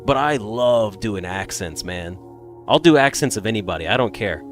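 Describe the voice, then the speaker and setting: A man with an American accent, a little congested, chatting casually with viewers in a rambling, animated way. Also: lowish voice, moderate pace, soft background music. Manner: animated, rambling, swings between loud bursts and mutters. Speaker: streamer.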